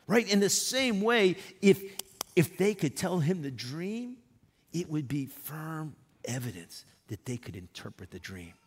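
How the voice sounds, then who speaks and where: Guy preaching a sermon, husky voice, pitch all over the place, reads scripture big and emphatic. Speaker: pastor.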